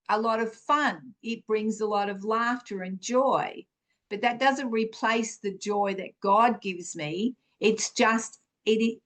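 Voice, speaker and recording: A woman's voice: a little high, a bit bright. A woman hosting a podcast, giving an earnest, encouraging spiritual teaching talk, full of fillers and restarts. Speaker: podcast host.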